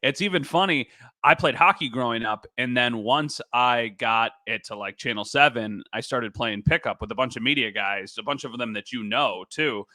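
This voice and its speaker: Man, sports reporter co-host, casual chat, joking, self-deprecating, bright voice, dry sound. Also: mid-range voice, moderate pace, no echo.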